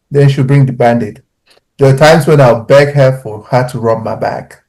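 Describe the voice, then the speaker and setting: A man, a father on a podcast panel, telling personal stories in an animated, heartfelt way. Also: mid-range voice, moderate pace, poor audio. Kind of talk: casual podcast discussion.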